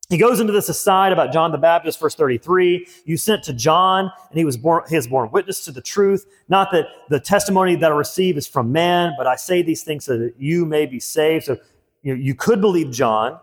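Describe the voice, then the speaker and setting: Man, middle-aged, pastor, earnest emphatic sermon, fairly high pitch, church hall echo. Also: brisk. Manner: earnest preaching with emphatic repetition. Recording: long hall reverb.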